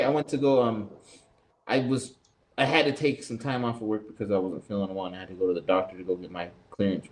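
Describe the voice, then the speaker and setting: Fast-talking profane storyteller man. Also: mid-range voice. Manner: fast, profane, animated anecdote with lots of reported speech. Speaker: podcast co-host. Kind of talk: casual storytelling chat.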